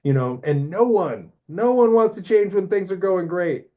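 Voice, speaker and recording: A man's voice: high voice, animated, normal speed, dull audio. A man hosting an astrology talk show, rambling casually and often asking "right?". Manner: rambling, filler-heavy, keeps asking "right?". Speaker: astrology podcast host.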